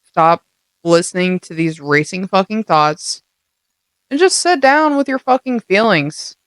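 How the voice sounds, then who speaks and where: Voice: mid-range voice, expressive, measured pace, a bit bright, dry recording, studio quality. A young adult podcast host giving a casual motivational monologue, blunt and heavily profane, full of streetwise slang.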